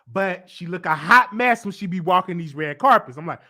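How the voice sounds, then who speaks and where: A man hosting a celebrity gossip show, giving opinionated commentary in an animated way with sudden high swoops for emphasis, his voice a little congested. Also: normal speed. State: congested, stuffy voice.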